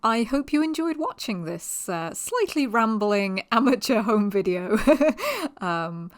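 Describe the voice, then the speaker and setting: A woman's voice: fairly high pitch, big pitch swings, slow pace. A woman narrating her own travel vlog in a casual, rambling way, often laughing. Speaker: travel vlogger.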